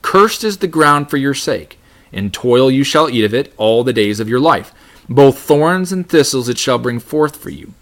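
A man teaches a Bible lesson in a plain, mid-pitched voice. He reads scripture aloud and explains it, with frequent restarts and fillers along the way. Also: lively intonation, normal speed, a bit bright.

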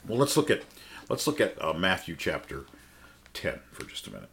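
A man preaching in a conversational sermon, pressing his listeners with one rhetorical question after another. His voice sits fairly low but sounds bright, and it swings widely in pitch. He takes his time, leaning hard on key words. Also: huge pitch swings, moderate pace, creaky, slight background noise. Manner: emphatic, asks the listeners many rhetorical questions. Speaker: Bible teacher.

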